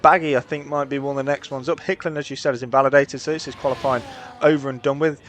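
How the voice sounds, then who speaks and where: A man's voice: mid-range voice, steady tone, quick pace, fairly bright tone, slight background noise. A man doing upbeat play-by-play commentary for a live sim racing session, with frequent filler uhs.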